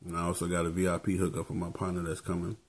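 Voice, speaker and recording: Laid-back deep-voiced man. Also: monotone, racing, slightly rough. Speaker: vlogger. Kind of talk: casual motivational chat.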